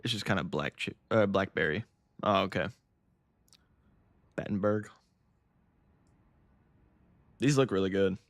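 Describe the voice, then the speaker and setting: An American man chats casually with his live-stream audience, laughing often, swearing and tripping over his words. His low, gravelly voice moves at a normal speed on a dry recording.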